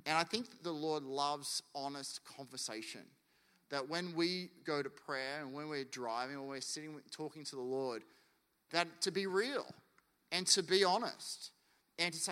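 A man's voice: a little high, normal speed, bright, forceful tone, big-room sound. A man preaching a sermon as pastor, in a casual, conversational way that acts out quotes.

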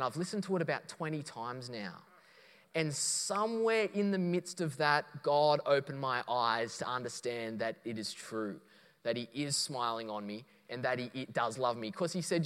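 A man's voice: mid-range voice, measured pace, fairly bright tone, smooth. A man preaching a sermon, telling a story and quoting others before building to emphatic points. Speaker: pastor. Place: church auditorium. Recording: long reverb of a church hall.

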